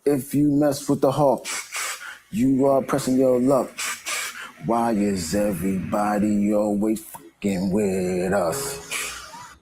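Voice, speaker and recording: A man from Brooklyn recalling his childhood in a documentary interview, slow and reflective. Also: mid-range voice, steady tone, mellow, soft background music, poor audio.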